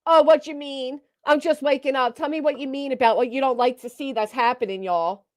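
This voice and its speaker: Streamer, woman, high pitch, dry close sound, foul-mouthed mocking rant. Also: brisk, darkish tone, no echo. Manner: blunt, mocking, swears heavily. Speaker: commentary streamer. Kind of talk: profane reaction commentary.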